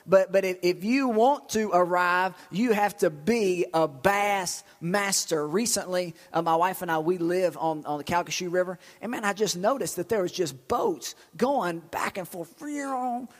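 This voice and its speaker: A middle-aged man preaching a sermon in a church, telling stories with bursts of excitement and repeated words. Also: high-pitched, normal speed, hardly any pauses, big-room sound. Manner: lively storytelling with shouts and repetitions. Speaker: pastor.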